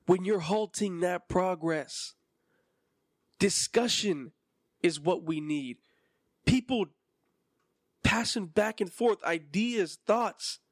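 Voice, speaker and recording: A man in his twenties carries a solo podcast in an impassioned, emphatic rant. His voice sits a little high for a man. The recording is dry and close, with no room echo. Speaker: podcast host.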